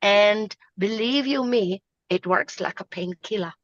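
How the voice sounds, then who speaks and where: A woman's voice: mid-range voice, measured pace, dry recording, muffled recording. A woman teaching yoga mudras on a live video call, emphatic and repeating her points. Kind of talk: live online talk show.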